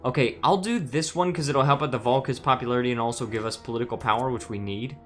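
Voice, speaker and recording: A man's voice: mid-range voice, fast, a bit bright, faint music behind. A man streaming a strategy game, musing aloud with hesitant restarts while reading chat messages.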